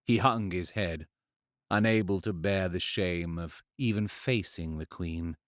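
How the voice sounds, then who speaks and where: This fantasy audiobook is narrated by a deep-voiced man who tells the story in a measured, expressive way. He's close on a studio mic, and there's no echo.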